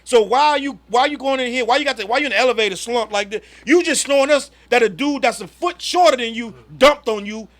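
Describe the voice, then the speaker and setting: A man co-hosting a casual podcast chat, telling a story in an animated way with quick restarts. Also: very high voice. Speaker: podcast co-host.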